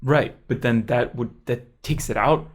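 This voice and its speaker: A man's voice: medium pitch, unhurried. A young man co-hosting a casual movie review podcast, rambling with lots of fillers and hedges. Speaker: podcast co-host.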